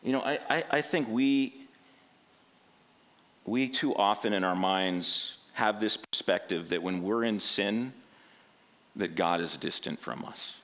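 A man's voice: fairly low pitch, slow, pauses often, a bit bright. A man preaching a sermon in a conversational way, often asking rhetorical questions and checking in with "right?".

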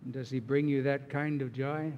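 A man's voice: mid-range voice, steady tone, moderate pace, highs cut off, slight background noise. A man preaching a sermon as pastor, earnest and emphatic as he walks through scripture. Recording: long reverb of a large hall.

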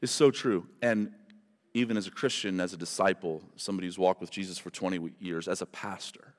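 A man's voice: sits low, steady tone, a little fast, long reverb tail. A pastor preaching a sermon to his church, talking conversationally and then building to impassioned emphasis. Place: church service.

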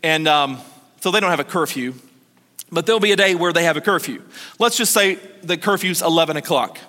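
A man's voice: fairly high pitch, fairly quick, pushed and bright, long reverb tail. A man in his thirties preaching a sermon as pastor, conversational and joking, acting out short quotes.

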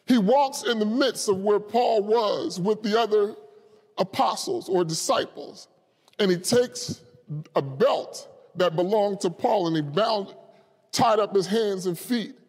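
A man preaching a sermon with passion, rising to shouts at the high points. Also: unhurried. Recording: long hall reverb.

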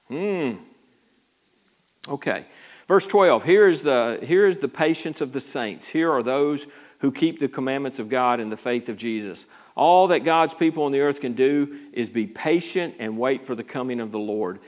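A man teaching a verse-by-verse sermon in an easy, talky way. He trips over his words and restarts often. When he quotes how people talk, his voice leaps up sharply. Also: moderate pace. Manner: conversational teaching with frequent stammered restarts; animated, jumps high when acting out quotes. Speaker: pastor.

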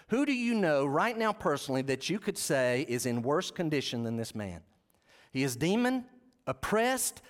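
A man preaching a sermon as pastor, conversational and full of rhetorical questions to the congregation. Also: sits high. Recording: long reverb of a large hall.

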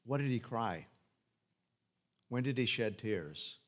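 A man's voice: mid-range voice, expressive, takes it slowly, long pauses. A man preaching an expository sermon, explaining scripture phrase by phrase, asking rhetorical questions and repeating key phrases. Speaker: pastor.

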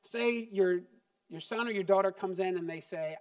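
A man preaching a sermon as pastor, animated and acting out little scenes. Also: high-pitched, normal speed, clear, resonant tone. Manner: animated, acts out parent and child voices.

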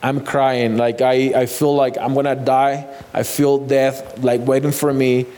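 A man's voice: mid-range voice, little pitch movement, warm tone. Man telling his testimony. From Mexico. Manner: halting, repeats words, non-native phrasing. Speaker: guest sharing testimony. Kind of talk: personal testimony.

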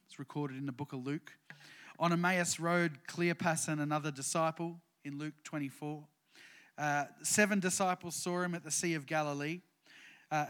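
Male pastor, slightly raised pitch; relaxed sermon delivery that swells into firm declarations. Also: clear, resonant tone. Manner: conversational preaching with frequent "uh" fillers, rising to emphatic declarations.

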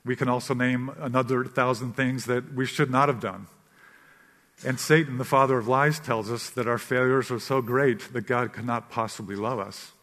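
A man giving an earnest, measured sermon as a pastor. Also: mid-range voice, steady tone, a bit bright. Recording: long reverb of a large hall.

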